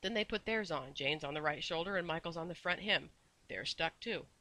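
A man narrating a children's storybook with measured, expressive storytelling. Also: a little high, poor audio. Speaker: audiobook narrator. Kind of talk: storybook reading.

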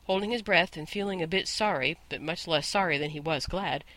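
A man narrating a storybook in a measured, gently expressive way, close to the mic. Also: on the high side, no echo. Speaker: audiobook narrator.

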